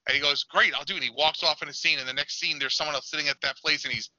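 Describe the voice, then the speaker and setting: A man with a very bright, forward voice launches into animated anecdotes and tangents in casual podcast chat. The sound is dry and close, with a dull lo-fi tone. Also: on the high side, rapid-fire, no room sound. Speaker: podcast co-host. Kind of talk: casual film discussion.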